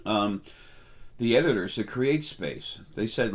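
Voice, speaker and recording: A man's voice: on the low side, animated, measured pace. A middle-aged man giving a casual, rambling spiritual talk, full of fillers and restarts. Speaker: spiritual teacher.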